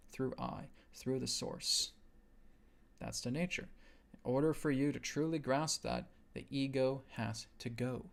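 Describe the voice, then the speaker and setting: Brief: male spiritual host, mid-pitched and gravelly, earnest and insistent. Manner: earnest, repetitive, with emphatic "right?" asides. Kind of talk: spiritual teaching on a live stream.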